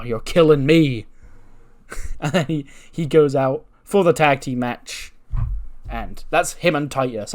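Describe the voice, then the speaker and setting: A man casually narrating a wrestling management game playthrough, animatedly acting out the characters' lines. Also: mid-range voice. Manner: animated storyteller, quick voices for characters. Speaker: gaming YouTuber narrating a wrestling sim.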